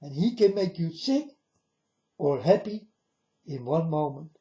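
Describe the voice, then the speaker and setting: Speaking at a measured pace, a video blogger with a high, dark-toned, animated voice delivers a solemn monologue to camera. He cautions his viewers throughout and often calls them "folks." The audio is dull and lo-fi.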